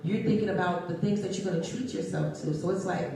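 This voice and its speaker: A middle-aged woman giving an interview, telling stories in an animated way and laughing often. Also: fairly low pitch, fast. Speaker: interview guest. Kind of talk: conversational storytelling. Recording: echoey room, mic at a distance.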